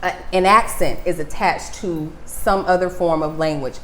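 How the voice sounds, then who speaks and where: A woman speech-language pathologist, a guest explaining things in a lively casual chat. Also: fairly low pitch, normal speed. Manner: animated, explanatory, laughs easily. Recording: echoey room, faint noise.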